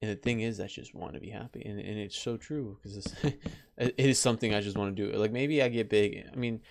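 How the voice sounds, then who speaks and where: A man commentating on his own survival game, chatty and easily startled, jumping into high yelps when danger shows up. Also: a little fast, gravelly, a little hiss or hum. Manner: chatty, excitable, breaks into high-pitched yelps. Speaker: gameplay let's player. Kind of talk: casual gameplay commentary.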